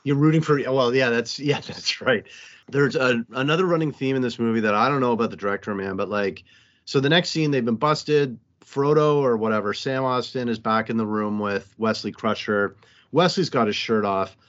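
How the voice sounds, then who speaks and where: A man with an ordinary mid-range voice recaps a film in an animated, profane way. The sound is somewhat dull and lo-fi. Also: mid-range voice, moderate pace. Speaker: podcast co-host. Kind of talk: casual movie recap chat.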